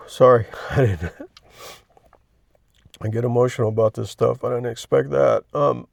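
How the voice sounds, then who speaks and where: A man hosting his own channel, talking candidly and emotionally about his faith, halting and restarting as he gets worked up. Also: mid-range voice, fairly even intonation, creaky, a little mellow, no room sound. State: chronic pain. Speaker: Christian video host. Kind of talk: emotional personal reflection.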